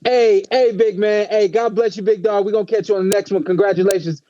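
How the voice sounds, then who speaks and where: A man's voice: sits high, fairly even intonation, fast talker, mellow, dull audio. A man hosting a podcast in a laid-back, casual way, often laughing. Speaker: podcast host.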